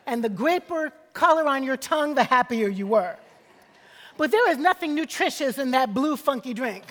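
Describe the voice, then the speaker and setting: A woman's voice: high-pitched, animated, moderate pace, a bit bright, in a large hall. A woman preaching a sermon, emphatic and repeating phrases for effect, calling on the congregation for amens.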